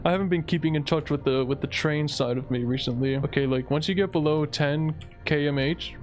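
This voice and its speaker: A man's voice: a little high, fairly quick, darkish tone. A young man giving rambling, casual commentary over his own gameplay, saying "dude" a lot. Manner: rambling, laid-back, says "dude" a lot. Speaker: gaming video creator. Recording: faint game music behind. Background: game music.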